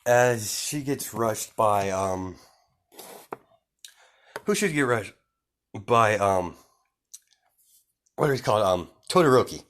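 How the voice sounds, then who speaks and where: A man's voice: fairly low pitch, expressive, slow pace, long pauses, fairly bright tone. Rambling man telling a fan story. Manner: rambling, many fillers and restarts, laughs often. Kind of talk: casual improvised storytelling.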